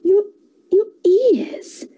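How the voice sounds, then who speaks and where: A woman voicing a carefree young girl in a storybook, asking high, wide-eyed questions. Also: very slow, mellow, heavily acted, poor audio. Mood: puzzled. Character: young girl, Little Red Riding Hood, carefree.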